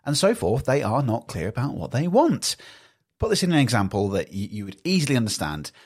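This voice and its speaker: A man talks through his podcast on his own. His voice has a slightly husky grain and swings widely in pitch as he chats. He sounds animated and conversational, and he often acts out little everyday exchanges. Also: fairly quick. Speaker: podcast host. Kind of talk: casual solo podcast talk.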